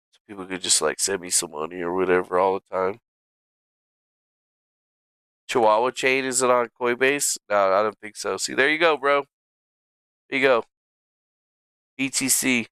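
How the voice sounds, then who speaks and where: A man chatting through a live stream in an unhurried, drawn-out way, cursing freely and muttering before breaking into loud exasperated yelps. His voice is bright and crisp, recorded close and dry. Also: mid-range voice, no echo. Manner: profane, muttering, bursts into loud exasperated outbursts. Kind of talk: casual live-stream talk to himself and chat.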